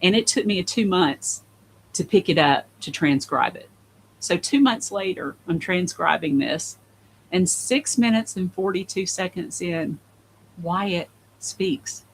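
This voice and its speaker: A woman's voice: fairly low pitch, animated, a little slow, a little hiss or hum, poor audio. A woman guest on a podcast, telling a personal story in an earnest, emphatic way. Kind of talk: casual conversation.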